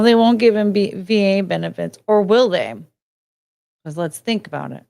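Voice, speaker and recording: A woman's voice: lowish voice, darkish tone. A woman hosting a casual livestream, chatty and self-mocking as she answers her chat. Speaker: livestream host.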